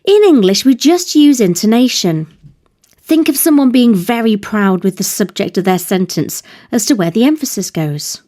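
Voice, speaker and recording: A woman tutor narrating a scripted grammar lesson, reading out examples slowly and carefully one by one. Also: fairly high pitch, lively intonation, warm tone. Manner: slow, careful, clearly spelled-out examples. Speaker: language tutor.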